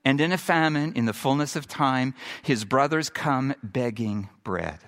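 A middle-aged man preaching a sermon, moving from emphatic build-ups to quiet, hushed points. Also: medium pitch, a little slow. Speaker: pastor.

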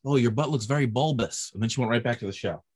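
A man's voice: mid-range voice, quick pace, breathy edge. A man, a stand-up comedian, telling stories in a casual chat and acting out the people in them. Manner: animated storyteller acting out quoted voices.

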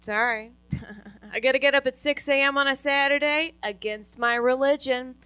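A woman doing stand-up on a club stage, in a mock-serene, deadpan delivery. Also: high voice, normal speed, clear, resonant tone, no room sound. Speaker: stand-up comedian. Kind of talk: stand-up set.

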